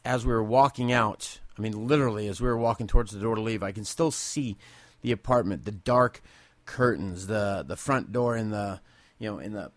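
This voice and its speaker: A man in his forties with a fairly low voice tells a personal story unscripted. He talks candidly and with feeling, rambling and restarting as he goes, and the recording is close and dry with no room sound. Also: moderate pace, no echo. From Southern California. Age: 40s. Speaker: podcast host.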